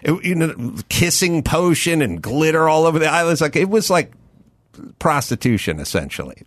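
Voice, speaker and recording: A man in his fifties or older, hosting a casual studio talk show, telling stories in a rambling, animated way with many restarts. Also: a little high, normal speed, dry recording. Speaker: podcast host. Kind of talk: casual chat.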